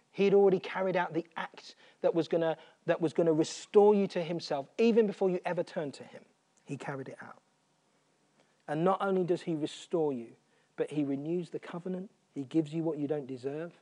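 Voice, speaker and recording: A man preaching a sermon, earnest, repeating phrases for emphasis and dropping almost to a whisper on quiet points. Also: a little high.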